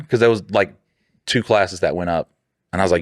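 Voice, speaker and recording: A low-pitched man holds forth in a casual podcast chat, swearing freely and getting worked up. He acts out both sides of past conversations as he rants, and his voice sounds close and dry, with no room around it. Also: brisk, dry recording. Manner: heated, profane ranting, often drops into quoted dialogue. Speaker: podcast co-host.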